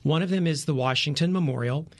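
A man's voice: on the high side, quick pace. A man in his forties, a travel reporter giving tips in a radio interview, eager and full of ums and uhs. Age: 40s. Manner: enthusiastic, many fillers.

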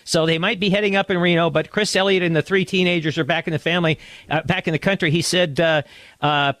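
Radio host guy, kinda high voice, talks in loops and restarts, dead dry studio mic. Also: fairly even intonation, fast talker, fairly bright tone, no room sound. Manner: rambling questions with restarts. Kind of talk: radio interview.

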